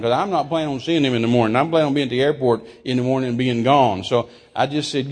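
A man preaching, telling a story in a folksy, humorous and animated way with sudden loud outbursts. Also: mid-range voice, fast talker, few pauses, slightly rough. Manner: animated, folksy, acts out quotes with sudden shouts; humorous, laughs at his own stories. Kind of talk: sermon storytelling.

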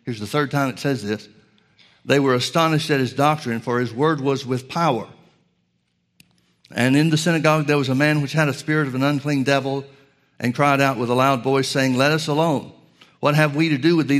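A male preacher teaching from scripture, reading verses slowly with stress on key words and calling his listeners folks. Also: mid-range voice, fairly even intonation, a bit bright. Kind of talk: Bible teaching sermon.

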